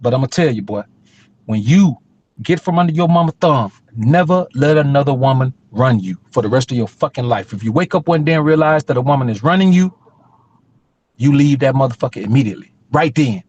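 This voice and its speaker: A man's voice: medium pitch, animated, brisk, a little mellow, husky, muffled recording, voice pushed down. A man voicing his old grandfather giving blunt, cursing advice to a young boy. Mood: stern advice.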